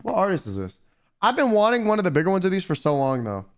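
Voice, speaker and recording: Lively young man chatting to his stream. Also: sits high, fast talker, a little hiss or hum. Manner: slangy, swears often, animated rants. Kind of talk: casual chat to stream chat.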